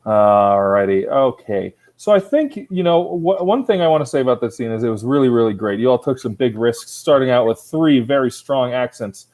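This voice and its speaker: This improv host and judge speaks at medium pitch in an expressive, darkish voice, at a moderate pace with hardly any pauses, over poor audio. Running an online contest from home on his laptop, he chats loosely, rambles, and ribs the players with rulings of pretend strictness.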